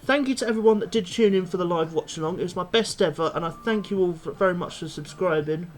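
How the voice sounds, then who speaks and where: Swearing football fan ranting. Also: male voice, high-pitched, quick pace, slight background noise. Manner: angry, swears a lot, blunt. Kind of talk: post-match fan rant.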